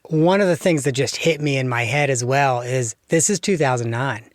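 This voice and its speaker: Man, podcast host, mid pitch, dry close sound, quick interjections. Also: no echo. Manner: quick, apologetic interjections, then reflective questions.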